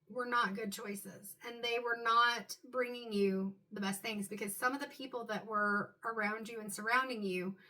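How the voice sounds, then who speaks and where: A woman giving an intuitive tarot reading to her viewers, talking in a loose, musing way and filling pauses with "um" and "like". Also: on the high side, bright, forceful tone. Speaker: tarot card reader.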